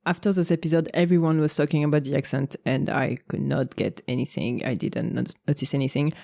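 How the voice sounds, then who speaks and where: A woman with a lowish voice chats wryly on a podcast. Her voice sounds dry and close, with no room echo. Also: fairly even intonation, fairly quick, creaky, mellow. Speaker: podcast co-host. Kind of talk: casual chat.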